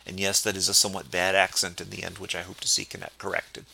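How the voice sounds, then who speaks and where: Bright-voiced man explaining church chant. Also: deep voice, completely flat delivery, fast, vocal fry, slight background noise, poor audio. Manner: precise, explanatory, quoting liturgical texts. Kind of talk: spoken liturgical chant tutorial.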